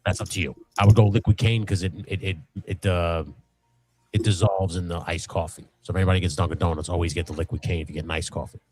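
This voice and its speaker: A middle-aged man in casual, profane chat as co-host of a live stream, rambling and laughing often. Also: fast. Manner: rambling, animated, laughs often, acts out high voices in stories. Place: home workshop. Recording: dry room with faint music.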